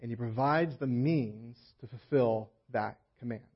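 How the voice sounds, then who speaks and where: A man's voice: mid-range voice, measured pace, breathy edge. A male pastor giving a conversational sermon, often slipping into quoted voices of the people he describes. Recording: muffled lo-fi sermon audio.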